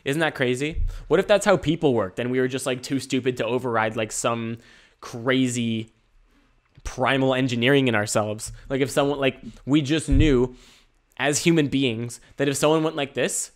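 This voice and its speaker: A man's voice: mid-range voice, normal speed. Solo podcast host, male, rambling, jokey and laid-back, mid-range voice. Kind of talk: casual solo podcast monologue.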